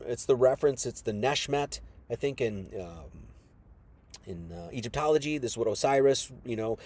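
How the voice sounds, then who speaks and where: A man's voice: mid-range voice, darkish tone, dry recording. A man preaching a casual Bible teaching, emphatic and conversational, full of asides and restarts.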